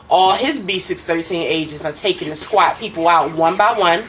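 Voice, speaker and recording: Animated woman recapping a TV episode. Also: lowish voice, brisk, few pauses, a little hiss or hum, poor audio. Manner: animated, swearing, acts out characters' lines. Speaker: co-host of a TV recap show. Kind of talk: casual recap chat.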